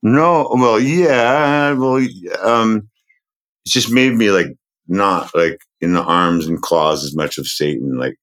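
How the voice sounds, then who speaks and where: A middle-aged man with a deep, low voice rambles through a casual podcast chat. He jokes loosely and lets his thoughts drift off mid-sentence. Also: slow pace, fairly bright tone. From Boston's North Shore, USA. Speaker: guest musician.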